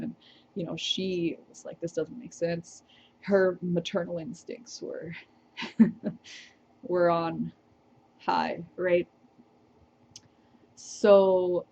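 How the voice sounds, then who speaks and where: A woman's voice: on the low side, gravelly, warm tone, dull audio, a little hiss or hum. A woman vlogger telling a personal story to the camera, reflective and hesitant, with small laughs.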